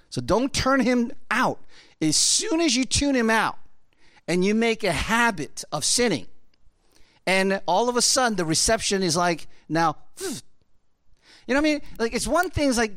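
A man's voice: high-pitched, lively intonation, normal speed, a bit bright, no room sound, studio quality. A man preaching a sermon in a casual, rambling way, full of fillers and asides. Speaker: pastor.

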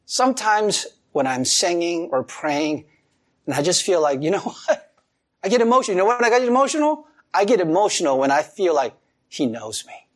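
A male pastor preaching a sermon in an animated way, chuckling often and swinging between loud emphasis and soft, low asides. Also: normal speed.

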